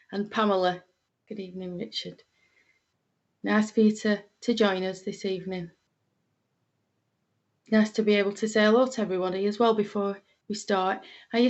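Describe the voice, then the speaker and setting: A woman's voice: medium pitch, fairly even intonation, moderate pace, long pauses, lo-fi sound. A middle-aged woman with a Lancashire accent, a medium greeting viewers on a livestream in a homely, chatty way with plenty of fillers. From Lancashire, England.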